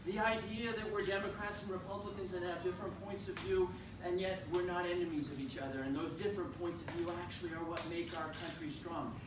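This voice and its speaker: An impassioned man gives a campaign speech in a very echoey room, picked up from a distance with a lot of background noise. His voice sits a little high, and he slows down to hammer home key points. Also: steady tone. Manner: impassioned, emphatic, slowing for stress. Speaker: congressman. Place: indoor town political rally.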